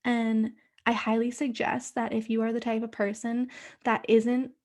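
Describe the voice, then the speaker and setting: A woman hosting her own podcast, talking casually on her own, full of fillers and swearing, and sometimes dropping to a soft whisper. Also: a little high, little pitch movement, moderate pace. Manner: chatty, many fillers, frequent swearing. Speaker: podcast host. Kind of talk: casual solo podcast monologue.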